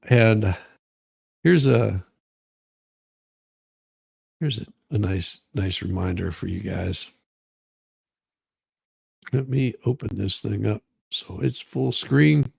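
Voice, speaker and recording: A male host giving relaxed, casual commentary between clips. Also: on the low side, slow pace, creaky, pauses often, husky, no echo, studio quality. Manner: relaxed, chuckling asides.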